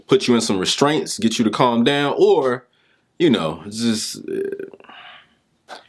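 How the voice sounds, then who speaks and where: A young adult man giving a motivational talk, telling a story in an animated, informal way. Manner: animated, informal, pitch jumps with emphasis. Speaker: speaker and mentor.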